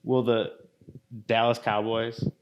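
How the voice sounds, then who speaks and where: A man co-hosting a podcast in casual chat, relaxed and profane, laughing easily. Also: medium pitch, clear, resonant tone, muffled recording. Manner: laid-back, profane, quick to laugh. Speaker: podcast co-host.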